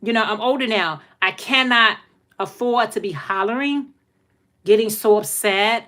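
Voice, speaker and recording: A woman's voice: fairly high pitch, measured pace, pushed and bright. A middle-aged woman hosting a casual livestream, chatting to viewers in a talkative, folksy way and often repeating herself. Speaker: livestream host.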